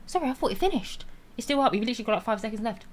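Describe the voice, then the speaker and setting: A woman's voice: fairly high pitch, animated, very fast. A young woman streaming a life-sim game, chatting casually with viewers, giggling, restarting sentences and apologizing as she goes.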